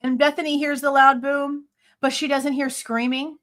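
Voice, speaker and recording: A woman's voice: high voice, moderate pace, fairly bright tone. Blunt, skeptical true crime host woman. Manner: blunt, exasperated, sharply skeptical; casual swearing. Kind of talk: live commentary reading and reacting to a police report.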